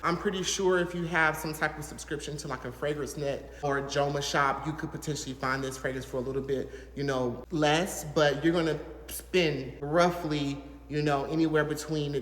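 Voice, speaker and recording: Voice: mid-range voice, fairly bright tone, a little hiss or hum. A fragrance reviewer from the American South, talking casually to camera in a gushing, chatty way full of fillers. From Southern United States. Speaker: fragrance reviewer, channel host. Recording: echoey room with long reverb.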